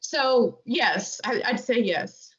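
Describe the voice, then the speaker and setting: A woman's voice: on the high side, expressive, takes it slowly. A woman talking earnestly and at length as a guest in a casual podcast interview, often restarting her sentences. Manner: earnest, chatty, many restarts. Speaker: interview guest, amateur dressage rider. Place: North Carolina resident. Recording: dull lo-fi podcast audio.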